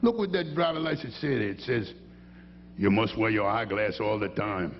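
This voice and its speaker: A man's voice: on the low side, lively intonation, normal speed, dull audio, a little hiss or hum. A man voicing a fat, bossy male Cajun deputy sheriff who speaks in drawling, broken grammar, with a Cajun accent. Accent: Cajun English.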